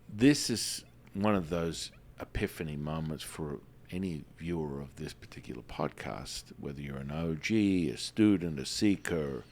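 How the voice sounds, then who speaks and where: A man hosting a spiritual podcast in a casual, animated way, often calling listeners "baby.". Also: a bass voice. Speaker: podcast host.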